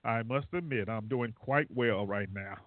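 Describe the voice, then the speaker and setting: A man's voice: mid-range voice, normal speed, no echo. A man hosting a casual call-in talk show, rambling and laughing at his own jokes. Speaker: radio show host. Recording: dry, phone-like internet radio line.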